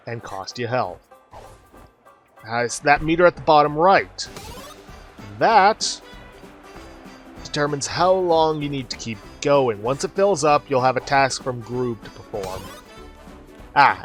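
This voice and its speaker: A man's voice: medium pitch, a bit bright. A man hosting a let's play, explaining the game step by step as he plays. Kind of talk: casual game commentary.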